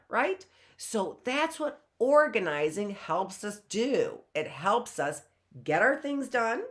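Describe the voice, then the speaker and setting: A woman teacher giving a children's phonics lesson, talking in a slow, sing-song way with drawn-out words and repeated questions. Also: medium pitch, a bit bright.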